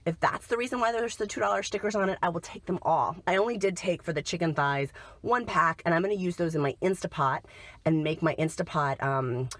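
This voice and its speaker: A woman's voice: lowish voice, a little fast, fairly bright tone. Chatty woman vlogging a shopping haul. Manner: chatty, upbeat, talks to viewers as y'all. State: a little sick. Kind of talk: casual shopping haul vlog.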